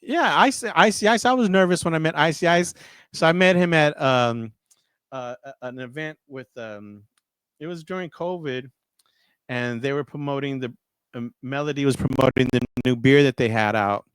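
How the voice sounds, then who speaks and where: A man's voice: mid-range voice, moderate pace, smooth, dry recording. A middle-aged man, a radio and music industry guest, telling stories in a casual interview and often repeating and restarting his words. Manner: animated, repeats and restarts words when excited.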